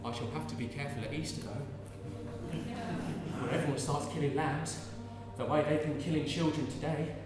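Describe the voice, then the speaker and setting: A man voices a desperate young peasant mother clinging to her baby, tender and cooing, fervent, then bursting out in shouted curses. His natural, slightly high voice keeps a fairly even intonation at a normal speed, with loud music behind it. A distant stage mic captures him echoing through a large theatre hall.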